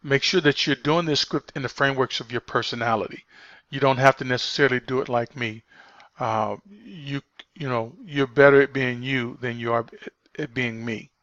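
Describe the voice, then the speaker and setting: A man walks trainees through a sales call, stressing his points and circling back to repeat them. His voice sits at a middling pitch. The recording sounds dull and lo-fi, with a dry, close feel. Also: fairly even intonation, normal speed, a bit bright, no echo. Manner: emphatic, repeats key points, many fillers. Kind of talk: spoken training walkthrough.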